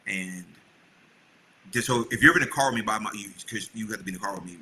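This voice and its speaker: Earnest, rambling man with a bright voice. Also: fairly low pitch, fast, a little hiss or hum, rough recording. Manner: earnest, rambling with many restarts. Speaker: podcast co-host. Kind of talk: casual chat with his wife.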